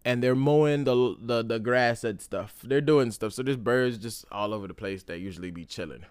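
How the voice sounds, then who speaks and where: A young man hosting a casual solo podcast, telling stories in a profane, slangy, animated way. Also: medium pitch, moderate pace, clear, resonant tone, no room sound, clean studio sound. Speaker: podcast host.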